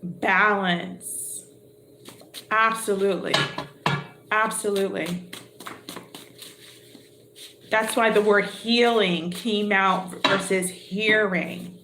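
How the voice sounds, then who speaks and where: A woman's voice: medium pitch, steady tone, takes it slowly, echoey room, background noise. A woman giving a live tarot reading, chatty and exclamatory, thinking aloud as she draws cards. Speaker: tarot reader.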